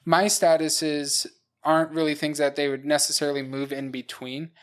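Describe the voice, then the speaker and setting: A man's voice: a little high, level tone, normal speed, smooth. A man co-hosting a casual podcast chat, methodically explaining his game prep step by step with "uh" and "like.". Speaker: podcast co-host, dungeon master.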